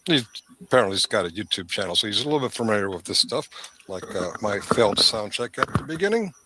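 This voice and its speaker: A man's voice: on the low side, sing-song, fast, background noise. A man hosting a live stream, with rambling, sarcastic commentary into a desk microphone. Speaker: stream host.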